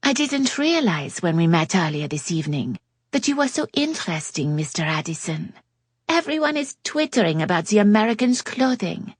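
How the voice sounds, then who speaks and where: Worldly flirt with a French lilt, read by a woman narrator, breathy and close-miked. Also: sing-song, no echo. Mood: teasing. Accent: put-on French. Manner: playful, drawn-out, high and lilting.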